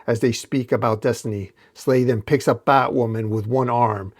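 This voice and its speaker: A man hosting a comic book channel, narrating a dramatic comic recap in a steady storytelling manner. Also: mid-range voice, normal speed.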